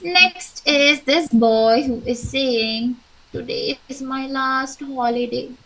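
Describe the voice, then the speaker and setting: A young woman with an Indian English accent teaching an online English class, speaking slowly and clearly with encouraging, acted examples. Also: high-pitched, pushed and bright, rough recording.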